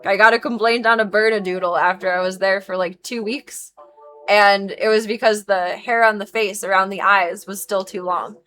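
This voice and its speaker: A woman in her thirties chats on a live stream in a bright, sharp voice. She talks frankly and with emphasis, swearing freely as she explains her work as a dog groomer. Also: mid-range voice, fairly even intonation, normal speed, faint music behind. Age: 30s. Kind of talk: casual live-stream chat.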